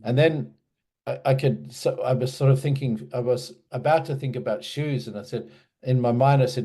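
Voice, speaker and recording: A man's voice: medium pitch, normal speed, dark tone, breathy edge. A man casually telling a personal memory in an interview, hesitant, with many restarts and fillers. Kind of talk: casual storytelling.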